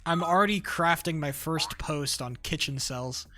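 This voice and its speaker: A young man streaming a game live, talking to his chat in a casual, profane and excitable way. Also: on the high side, measured pace, soft background music. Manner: profane, excitable, talks to chat between bursts of laughter.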